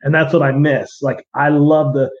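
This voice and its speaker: A rock guitarist talks in a relaxed, earnest way and comes back to the same points again and again. His voice sits a little high for a man. The sound is dull and lo-fi, as on a streamed call. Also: moderate pace. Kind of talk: casual interview chat.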